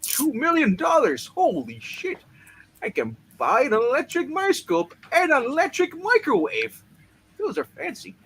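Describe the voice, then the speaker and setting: A man performs a boastful, crude young scientist in a comic-book reading, his voice very high, wildly animated and bright with gravel in it. Faint noise sits under the recording. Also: measured pace, exaggerated voice. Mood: brash.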